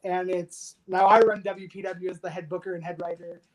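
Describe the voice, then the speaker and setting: Animated man telling wrestling stories. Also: high-pitched, a little fast, rough recording. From United States. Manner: animated storyteller acting out others' quotes. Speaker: guest, retired soldier and pro wrestler. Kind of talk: casual storytelling interview.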